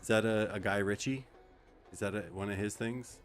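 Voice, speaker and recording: A male game streamer in a relaxed, joking chat with viewers, talking a friend through the game. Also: on the low side, moderate pace, faint music behind. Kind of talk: casual gaming chat with viewers.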